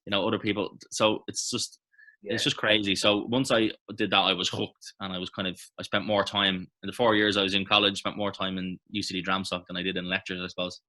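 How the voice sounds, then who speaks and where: Irish guy in his 30s, low voice but bright tone, rambly chatty storytelling. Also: flat delivery, brisk. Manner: rambling, reflective, frequent fillers and restarts. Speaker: actor guest. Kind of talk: casual interview chat.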